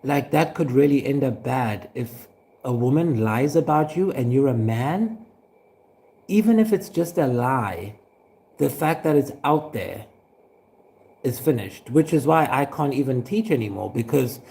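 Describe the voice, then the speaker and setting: An actor playing a suspicious, aggrieved former teacher who rambles with fillers and chuckles. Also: male voice, mid-range voice, gravelly, warm tone. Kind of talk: scripted monologue.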